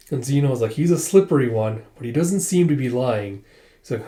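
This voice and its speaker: A man talks through a manga chapter in an easygoing way, quoting characters with lots of "he's like" and "it's like." His voice is mellow and dark in tone. It sounds like an echoey room. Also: mid-range voice, a little fast. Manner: retells the plot with many "he's like" quotes, voicing lines loosely. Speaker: manga reviewer. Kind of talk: casual recap of a manga chapter.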